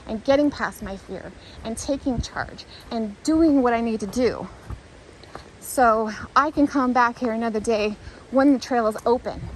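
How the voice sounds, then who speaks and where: A woman's voice: on the high side, a little hiss or hum, rough recording. Earnest woman vlogging on a trail. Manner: earnest, rambling, self-reflective, thinks aloud. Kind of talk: reflective walking vlog. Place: outdoors on a hiking trail.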